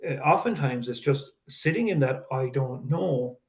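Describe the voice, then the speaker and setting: Thoughtful, halting man interviewer. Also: mid-range voice, lively intonation, darkish tone. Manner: thoughtful, halting, with many restarts. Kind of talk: reflective interview talk.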